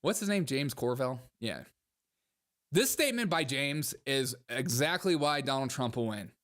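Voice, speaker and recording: A man hosting a casual livestream, reacting to comments and clips in a sarcastic, mocking and animated way. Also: mid-range voice, moderate pace.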